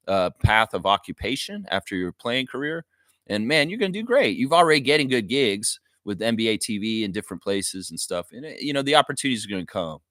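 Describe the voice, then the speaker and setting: A man's voice: fairly low pitch, fairly bright tone, no echo. Guy ranting on his live fan stream, chatty and opinionated, dry close mic. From United States and Canada. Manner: casual, opinionated, reads viewer chat aloud. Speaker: fan show host.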